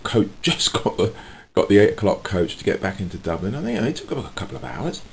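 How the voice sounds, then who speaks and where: Rambling man with lively pitch. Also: fast, creaky, slight background noise. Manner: rambling, chatty, with frequent fillers and chuckles. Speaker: vlogger and street musician. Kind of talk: casual chat to camera.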